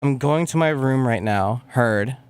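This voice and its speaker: A man's voice: mid-range voice, unhurried, noisy background. A young man chatting casually on a livestream while making music, rambling, mumbling and swearing as he works. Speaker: music producer streaming.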